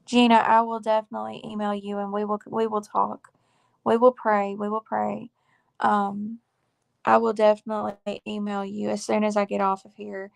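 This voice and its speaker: A woman in her forties shares a heartfelt faith testimony, close to tears. Her voice is deeply gravelly with heavy fry, and her pitch stays flat and level. She talks in an earnest, confiding way, halting with fillers. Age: 40s. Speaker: faith vlogger.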